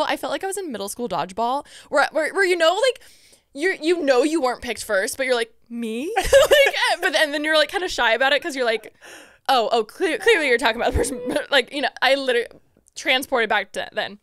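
A young woman tells a story on a podcast, excitable and quick to act out every quote. Her voice is bright and clear, fairly high, and close and dry on the mic. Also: no echo. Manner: excitable, lots of "like" fillers, acts out quotes. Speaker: podcast guest. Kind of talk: casual storytelling.

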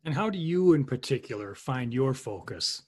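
A man hosting an interview podcast, asking plain, measured questions. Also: medium pitch, lively intonation, darkish tone, slightly rough. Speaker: podcast host.

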